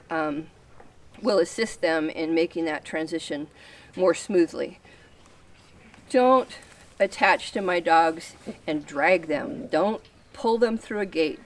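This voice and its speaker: A woman who breeds and trains livestock guardian dogs, explaining leash handling in a practical, teaching way. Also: lowish voice. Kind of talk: instructional training video. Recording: distant mic, faint outdoor noise.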